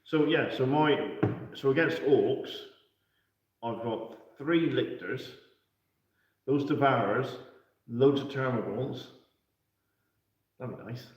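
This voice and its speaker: A man's voice: mid-range voice, slow pace, long pauses. A man from England hosting a live stream about tabletop wargaming, chatting casually and laughing often. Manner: chatty storyteller, laughs a lot. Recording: echoey, distant, dull live-stream audio.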